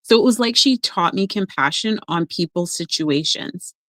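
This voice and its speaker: A woman who works as an emotional coach, talking in a casual podcast conversation and telling stories with lively acted-out voices. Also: on the low side, normal speed, no echo. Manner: animated storyteller, acts out quoted voices.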